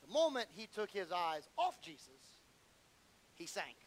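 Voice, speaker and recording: A man preaching a sermon, swinging from shouted fervor to low, intimate asides and stumbling over repeated words when worked up. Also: very animated, measured pace, poor audio.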